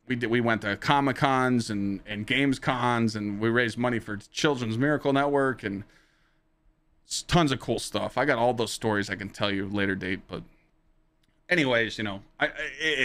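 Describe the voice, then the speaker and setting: A man hosting his own podcast and stream tells stories casually to a live chat, animated and full of profanity. When he relives the exciting moments, his pitch jumps high.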